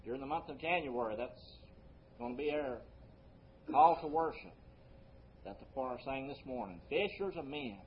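A male pastor preaching a sermon, swinging between loud emphasis and quiet low phrases, slowing down on scripture quotes. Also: wildly swooping pitch, gravelly, lo-fi sound, a little hiss or hum.

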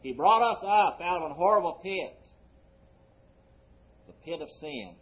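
A male pastor preaching a sermon, swinging between loud emphasis and quiet low phrases, slowing down on scripture quotes. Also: lively intonation, highs cut off.

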